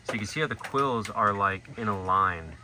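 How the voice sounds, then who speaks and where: A man's voice: lowish voice, normal speed. A man hosting a casual vlog at an animal sanctuary, talking loosely with plenty of "like" and "you know". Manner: chatty, many "like" and "you know" fillers. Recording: outdoor noise in the background.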